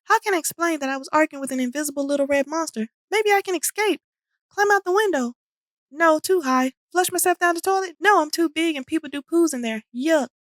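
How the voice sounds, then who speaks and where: High-voiced woman reading a children's book. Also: fairly quick, no room sound, studio quality. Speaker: storybook reader. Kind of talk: children's book read-aloud.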